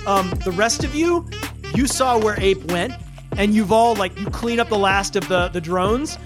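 A man's voice: high voice, normal speed, over music. Casual man running a tabletop game. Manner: loose, casual, many fillers. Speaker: game master.

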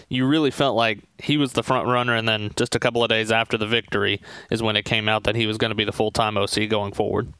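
A man with a smooth, resonant voice chatting about football in a relaxed, conversational way. He is recorded dry and close to the mic, with no room sound. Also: medium pitch, dry recording. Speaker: sports podcast co-host. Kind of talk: casual sports chat.

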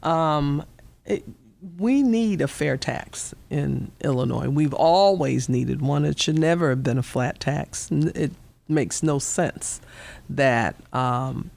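Female guest, gravelly voice, emphatic union advocate. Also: low-pitched, slow pace, a little mellow. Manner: earnest, emphatic. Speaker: union vice president guest. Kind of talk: casual interview talk.

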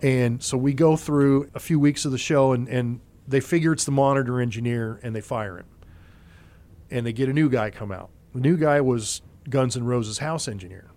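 A man, a former concert monitor engineer, telling stories in a relaxed interview and acting out other people's lines as he goes. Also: mid-range voice, normal speed. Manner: animated raconteur, acts out other people's lines. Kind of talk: casual storytelling in an interview.

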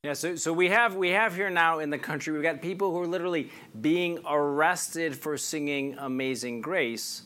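A man's voice: fairly high pitch, moderate pace, hardly any pauses, bright, forceful tone. A man hosting an interview show, introducing a guest and asking questions with emphatic, indignant delivery. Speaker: show host.

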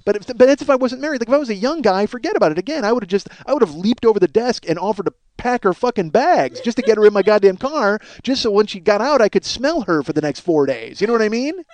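Middle-aged male podcast host, quick rambling comic storyteller, slightly high voice, dry close sound. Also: expressive, darkish tone, no room sound. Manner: rambling, self-mocking storyteller. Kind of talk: casual comedic monologue.

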